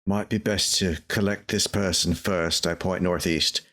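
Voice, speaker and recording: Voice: low voice, steady tone, measured pace, a bit bright. A player in a tabletop role-play game, making dry jokes at the table. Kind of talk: casual table talk.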